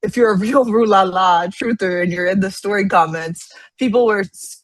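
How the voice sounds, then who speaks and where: A young woman co-hosting a podcast in casual chat, talking fast and loose with lots of "like" and frequent laughs. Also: mid-range voice. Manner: chatty, lots of "like", laughs often. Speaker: podcast co-host.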